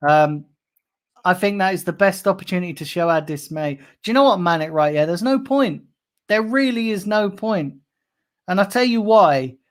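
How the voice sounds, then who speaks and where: A man's voice: high-pitched, animated, moderate pace. A man hosting a fan livestream, ranting angrily and swearing a lot while reading out chat messages. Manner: angry, heavily swearing, repetitive ranting. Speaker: fan channel host.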